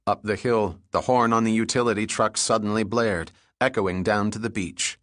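This fairly low-voiced man reads a thriller audiobook at a steady, measured pace. The recording is dry.

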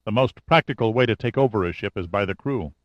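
A man's voice: fairly low pitch, animated, fast talker, dry recording, muffled recording, lightly acted. A man reading an audiobook, voicing an easygoing male private investigator with a matter-of-fact manner.

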